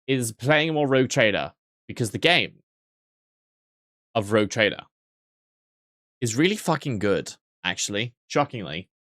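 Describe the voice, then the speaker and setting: A man's voice: medium pitch, fairly bright tone, dry recording, studio quality. Rambling, self-mocking man streaming a game. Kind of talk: casual gameplay commentary.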